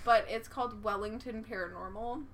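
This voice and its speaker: A woman's voice: medium pitch, brisk, a bit bright, slight background noise. A young woman co-hosting a casual chat, giggling often and filling her talk with "like". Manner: giggly, lots of "like" fillers. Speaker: podcast co-host.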